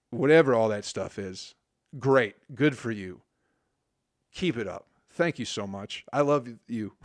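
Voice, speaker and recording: A Michigan man in his forties hosts a solo podcast, rambling through a crude, profane monologue that trails off into mumbles. His mid-range voice is recorded with no echo.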